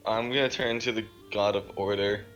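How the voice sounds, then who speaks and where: A man playing a tabletop game, talking slowly and hesitantly in casual chat. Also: fairly low pitch, steady tone, fairly bright tone, faint music behind. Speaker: player. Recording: dull lo-fi voice chat.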